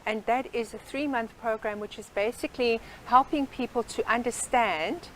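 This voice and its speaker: A woman with a somewhat high voice explains her approach in an earnest, patient way, leaning on homely sayings. A faint hiss of noise sits under the voice. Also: normal speed, fairly bright tone, low-quality recording. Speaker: guest life coach. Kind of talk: interview.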